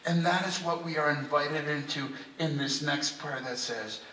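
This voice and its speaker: Impassioned preacher, bright voice, echoing church. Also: male voice, a little high, normal speed, recorded from a distance, slight background noise. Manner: impassioned, heartfelt, often drops to a hushed earnest tone. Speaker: priest. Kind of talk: sermon. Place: church sanctuary. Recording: echoey church recorded from afar.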